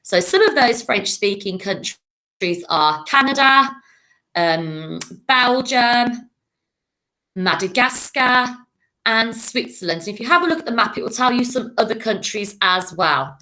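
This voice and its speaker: A primary school teacher, giving a recorded lesson to young children in a clear, patient and encouraging voice. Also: female voice, a little high, animated, a little slow, bright, forceful tone.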